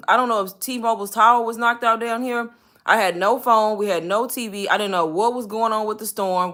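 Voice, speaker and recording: A young woman hosting a live stream, telling stories in an animated, chatty way. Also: medium pitch. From Texas. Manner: animated storytelling with laughs. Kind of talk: casual chat.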